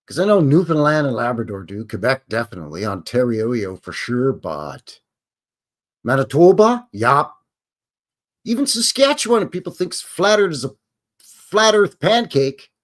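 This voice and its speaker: Joking Canadian man with lively pitch. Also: moderate pace. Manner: joking, rambling, folksy slang. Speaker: host. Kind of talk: casual live-stream chat.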